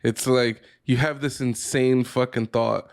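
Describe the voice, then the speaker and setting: A man's voice: mid-range voice, fairly even intonation, unhurried, vocal fry. A man co-hosting a podcast in casual chat, blunt and swearing freely. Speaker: podcast co-host.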